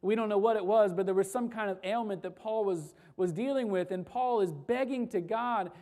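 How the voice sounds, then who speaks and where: A woman's voice: mid-range voice, moderate pace, few pauses, dark tone. A woman preaching a sermon with emphasis, repeating key phrases and asking the listeners rhetorical questions.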